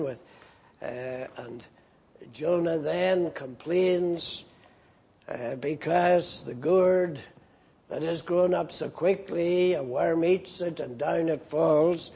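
A man preaching a sermon as a minister, moving between emphatic rises and quiet, drawn-out questions. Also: a little high, husky.

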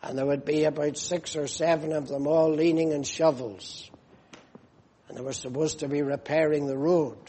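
A man preaching a sermon as pastor, slow and emphatic, leaning on repeated phrases. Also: a little high, steady tone, mellow, a little hiss or hum. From United Kingdom.

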